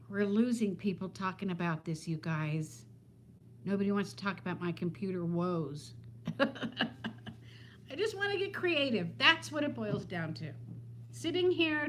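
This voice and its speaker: There's slight background noise as this medium-pitched woman in her fifties hosts a home live stream. She keeps it casual, talking to viewers by name and laughing frequently.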